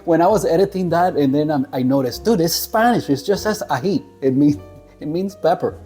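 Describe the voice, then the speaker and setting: A relaxed man chats to his viewers about a coffee he is tasting. His voice is mellow and rather dark, and he laughs easily and trips over names he does not know. Faint music plays underneath. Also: fairly high pitch, fairly quick. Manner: laid-back, chuckling, stumbles over names. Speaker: coffee reviewer. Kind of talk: casual talk to camera.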